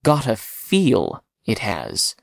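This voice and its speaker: A gruff old-style train engineer, as a man reads him, clipped and matter-of-fact, dropping words as he talks. Slow and close, in a dry space with no room sound. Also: lowish voice, huge pitch swings, dry recording, heavily acted. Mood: uneasy. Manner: clipped, drops words, colloquial.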